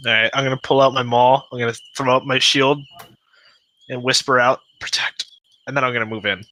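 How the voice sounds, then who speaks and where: A man playing a tabletop game, calmly walking through his character's moves step by step. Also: mid-range voice, fast talker, no room sound, rough recording. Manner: describes actions step by step. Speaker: player. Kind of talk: casual tabletop play.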